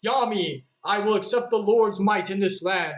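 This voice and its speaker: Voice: mid-range voice, normal speed, echoey room, pitched above the performer's own voice, natural voice, rough recording. A streamer putting on a grandiose anime pharaoh. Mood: regal. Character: dramatic regal young pharaoh, anime duelist style.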